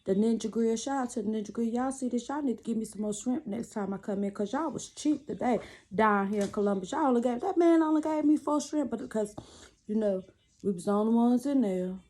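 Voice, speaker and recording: Speaking briskly in a mellow, high-leaning voice, the woman vlogs from a cramped, cluttered room at home. As she laces up her shoes, she gives the camera casual, sassy, preachy relationship advice.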